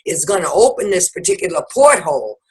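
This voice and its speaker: A woman's voice: fairly low pitch, big pitch swings, brisk, slightly rough. A woman hosting a casual spiritual conversation, talking in a familiar, folksy way and speaking bluntly. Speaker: host.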